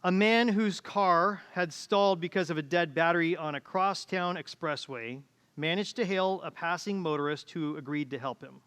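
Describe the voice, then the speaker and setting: A man's voice: on the high side, moderate pace, fairly bright tone, smooth. A middle-aged man preaching a conversational sermon as pastor, acting out quoted voices, recorded in a church auditorium. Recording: church hall reverb.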